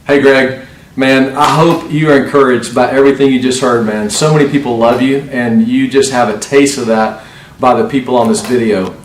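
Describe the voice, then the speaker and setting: A man's voice: medium pitch, steady tone, normal speed, slight background noise. A man giving an encouraging farewell message to a departing colleague. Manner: warm, encouraging. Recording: echoey, distant.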